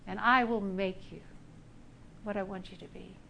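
A woman voicing Jesus as a calm, reassuring male voice during a sermon. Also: medium pitch, normal speed, vocal fry, a little hiss or hum, voice pushed down. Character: Jesus speaking gently, calm male divine voice.

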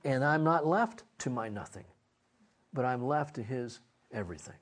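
A man preaching, telling a personal story in an animated way and laughing through parts of it. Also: medium pitch, moderate pace. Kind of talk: sermon storytelling.

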